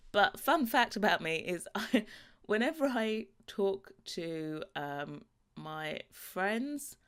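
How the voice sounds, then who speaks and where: A woman's voice: on the low side, clear, resonant tone. A young woman from London with a London English accent, chatting casually and rambling over gameplay, often breaking into laughs. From London, England. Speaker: gaming YouTuber.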